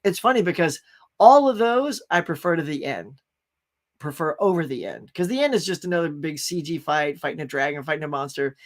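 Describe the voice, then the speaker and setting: A man's voice: fairly high pitch, animated, brisk. Chatty man hosting a movie stream. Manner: rambling, enthusiastic, reads chat aloud. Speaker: host of a pop culture live stream. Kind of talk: casual live-stream chat.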